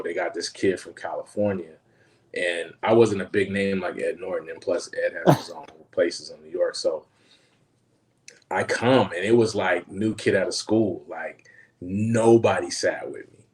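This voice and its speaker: A man who is an actor, telling animated anecdotes on a casual panel, laughing and acting out quotes. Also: deep voice. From Los Angeles. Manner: frequent fillers, laughs while telling stories.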